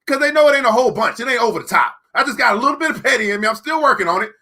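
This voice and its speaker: Male book club host, bright, high voice; emphatic, slow-repeating, sarcastic motivational talk. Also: lively intonation. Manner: emphatic, repeats key lines slowly for effect; sarcastic, laughs between points. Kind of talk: live-streamed motivational book discussion.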